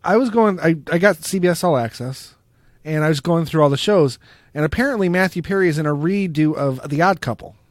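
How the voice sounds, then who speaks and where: A man's voice: fairly high pitch, a little fast, no room sound, studio quality. A man co-hosting a podcast in casual chat, laid-back and self-deprecating. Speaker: podcast co-host.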